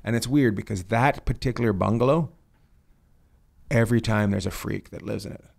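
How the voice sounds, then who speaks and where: A man's voice: on the low side, fairly quick, creaky, a little mellow. A man hosting a podcast, telling rambling stories in casual chat and swearing freely. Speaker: podcast host. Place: lives in California.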